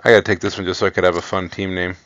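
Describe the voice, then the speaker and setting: A man's voice: low voice, flat delivery, very fast, a bit bright, no echo. A man co-hosting a fantasy football podcast, chatting casually and upbeat while announcing his draft picks. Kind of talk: casual chat during a live draft. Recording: dry, dull lo-fi recording.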